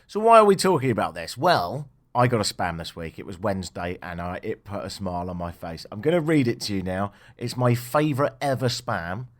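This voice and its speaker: A man's voice: fairly low pitch, expressive, a little fast, few pauses. A man hosting a radio talk show, joking and making sarcastic asides.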